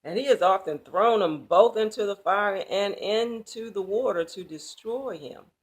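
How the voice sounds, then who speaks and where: A woman voicing a desperate father begging for help for his son in a Bible reading, pleading and pitched up. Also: measured pace, close to an everyday voice.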